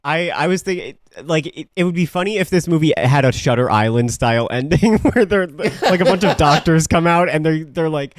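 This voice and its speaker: A man's voice: a little high, no room sound, studio quality. A man co-hosting a podcast, joking through a film review in casual comic chat. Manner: joking, laughing, slips into quick impressions. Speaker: podcast co-host.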